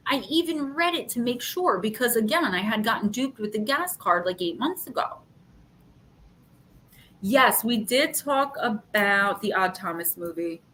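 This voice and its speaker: A woman livestream host, speaking a little slowly over a faint low rumble, vents in a casual live chat about a frustrating customer service mess. Fed up and animated, she tells the story by playing out both sides of the calls.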